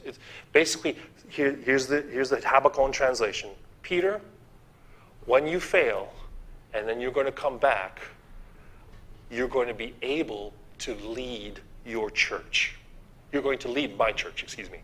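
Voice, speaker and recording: A man's voice: mid-range voice, a little slow, fairly bright tone. A man preaching a sermon in a church, posing rhetorical questions, repeating key phrases and restarting words.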